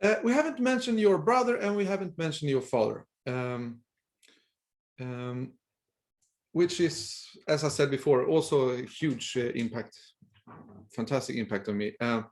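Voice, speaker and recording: A man from Sweden, interviewing a guest in casual talk, often restarting his words. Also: medium pitch. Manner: halting, restarts mid-word. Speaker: interviewer, host. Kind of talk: casual conversation.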